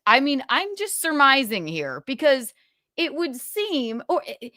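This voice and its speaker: A woman's voice: on the high side, fairly bright tone, no room sound, clean studio sound. A young woman hosting a livestream, ranting with profanity and sarcasm. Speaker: podcast host.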